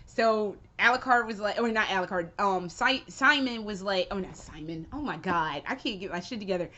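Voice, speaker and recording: A woman vlogger giving a rambling, excitable, profane spoken review of a show she loved. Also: medium pitch, moderate pace, few pauses. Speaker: video game vlogger.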